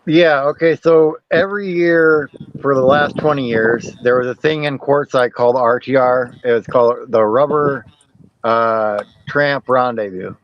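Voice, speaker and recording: A man in casual chat, explaining slowly with fillers. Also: medium pitch, fairly even intonation, dry recording. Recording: dull, lo-fi sound.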